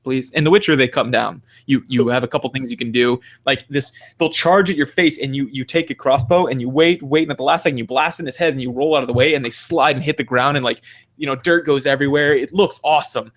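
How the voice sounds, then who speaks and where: A man's voice: mid-range voice, fast, a bit bright. A young man co-hosting a podcast, ranting animatedly about video games in casual, profane chat. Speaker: podcast co-host.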